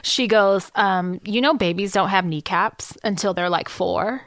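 A brash woman tells stories on a podcast, laughing and cursing as she goes. Her voice is bright and forward, with a dry, close sound. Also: mid-range voice, a little slow, dry recording. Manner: loud storytelling, swears freely, breaks into laughter. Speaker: podcast co-host. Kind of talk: casual chat.

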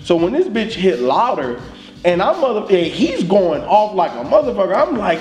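A man co-hosting a casual album review chat, talking in an animated, emphatic, profane way and often repeating himself as he starts a thought. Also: high voice, moderate pace. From East Atlanta, US. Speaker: podcast co-host reviewing an album. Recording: roomy echo.

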